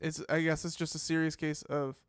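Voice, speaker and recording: A man's voice: on the high side, flat delivery, a little fast, smooth, no echo, studio quality. A man hosting a live reaction show, thinking aloud in casual commentary with many fillers and restarts. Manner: musing, hesitant, full of fillers and restarts.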